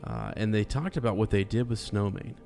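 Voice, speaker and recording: Podcast co-host, a man with a lowish voice, talks in a halting, easygoing way. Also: huge pitch swings, creaky, a little mellow, faint music behind. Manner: halting, many restarts, laughs easily. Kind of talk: casual book discussion chat.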